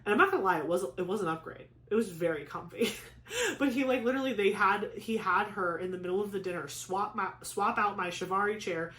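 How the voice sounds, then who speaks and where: A chatty young woman with a middle-pitched voice tells a long personal story in a relaxed, rambling way, full of "like" fillers. Her voice sits a little back in an echoey room. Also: quick pace. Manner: chatty, many "like" fillers, animated retelling. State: pregnant. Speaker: craft vlogger. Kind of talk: casual storytelling chat.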